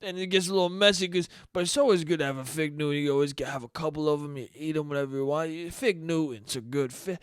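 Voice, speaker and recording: A man's voice: fairly high pitch, fast talker, few pauses, clear, resonant tone, dry recording, clean studio sound, close to an everyday voice. A man doing an impression of a muddled old politician who rambles and repeats himself. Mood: rambling.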